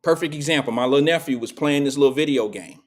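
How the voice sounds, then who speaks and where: A man's voice: medium pitch, fast talker. A middle-aged man hosting a live show, telling stories and preaching in a casual, slangy monologue to his audience.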